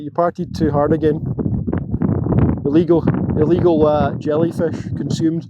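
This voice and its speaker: A man's voice: fairly high pitch, moderate pace, heavy background noise. A man, chatting casually on a sailing vlog, rambling and easygoing. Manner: relaxed, rambling, chatty with his dogs. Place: aboard an anchored sailboat.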